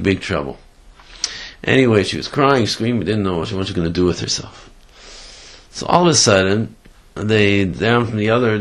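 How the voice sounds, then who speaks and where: A man telling a story in a Torah class, halting with many fillers and animated retelling. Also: fairly low pitch. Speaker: Torah teacher.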